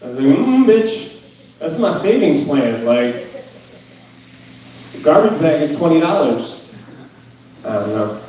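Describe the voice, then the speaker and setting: A man's voice: fairly high pitch, very animated, unhurried, long pauses, a little mellow, very echoey, recorded from a distance, poor audio. A young man doing a stand-up set at an open mic, ranting in a profane, incredulous, self-mocking way. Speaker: stand-up comedian. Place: club stage.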